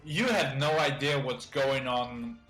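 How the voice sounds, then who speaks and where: A man running a tabletop game as dungeon master, narrating actions and prompting players in a relaxed way. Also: medium pitch, unhurried, over music. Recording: echoey room.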